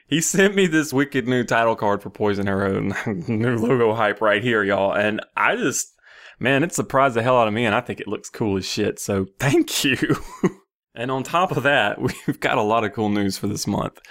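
A man's voice: medium pitch, fairly bright tone. A man hosting a casual gaming news podcast, loose and profane, who keeps breaking into laughter as he talks. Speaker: podcast host.

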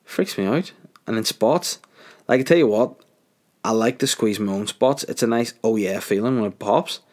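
A man's voice: mid-range voice, moderate pace, a little mellow. Crude rambling man. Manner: crude, rambling, swears heavily. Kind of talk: comedic monologue.

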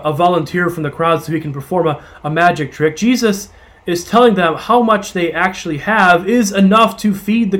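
A man with a high, light voice delivers a sermon. He retells the gospel story in a conversational way, gives the disciples voiced asides, and slows down to stress key points. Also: a bit bright. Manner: retells scripture with voiced asides, slowing for emphasis. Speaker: preacher.

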